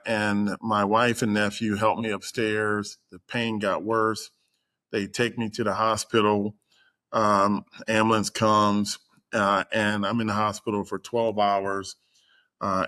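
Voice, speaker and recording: A middle-aged man with a fairly low voice recounts a personal story as a podcast guest. He talks casually with many ums and uhs and animates the lines of the people he quotes. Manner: animated retelling, acts out quoted voices, frequent fillers. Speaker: guest executive.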